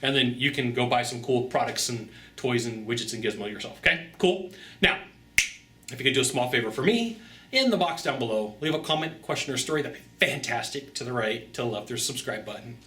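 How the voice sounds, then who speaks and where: Bright, energetic man in a roomy space. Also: medium pitch, fairly quick. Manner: energetic, chatty, repeats phrases for emphasis. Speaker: sales coach. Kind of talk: casual direct-to-camera sales tips. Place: Sacramento, California. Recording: roomy echo.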